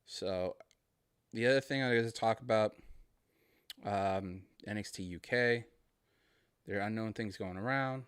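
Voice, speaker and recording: A man with a Boston accent rambles through a casual solo podcast in a friendly, easygoing way. His voice sits somewhat low and comes through smooth and clear. The recording is dry and close, with no room sound. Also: a little slow, long pauses, a bit bright, dry recording. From Massachusetts. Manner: rambling, friendly, laughs between thoughts. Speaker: podcast host.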